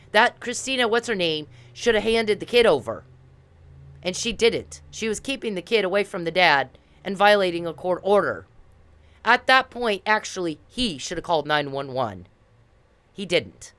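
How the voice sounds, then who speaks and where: In a mid-range, slightly bright voice, a female vlogger angrily confronts the police. Her monologue is repetitive and profane as she berates them.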